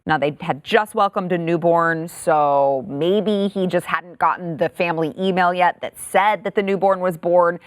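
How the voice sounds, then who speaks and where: A woman co-hosting a political commentary show, sarcastic and quick to laugh. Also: fairly low pitch, no room sound. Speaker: co-host.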